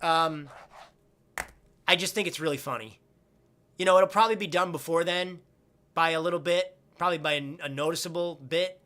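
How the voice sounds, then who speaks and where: A man's voice: fairly high pitch, normal speed, long pauses, pushed and bright. A young man hosting a casual live stream, answering viewer questions in a blunt, rambling way and swearing casually.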